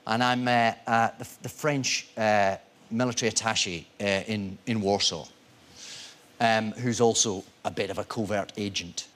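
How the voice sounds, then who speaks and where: A man's voice: lowish voice, moderate pace. A man telling anecdotes as a guest on a chat show, acting out what people said. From Scotland. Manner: lively storyteller, animated, acts out quotes. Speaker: actor guest.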